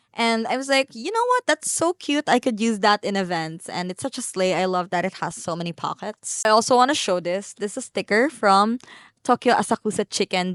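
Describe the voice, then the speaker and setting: A woman's voice: medium pitch, smooth, dry recording, studio quality. Bubbly Filipino woman gushing about shopping. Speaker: vlogger. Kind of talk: casual haul vlog.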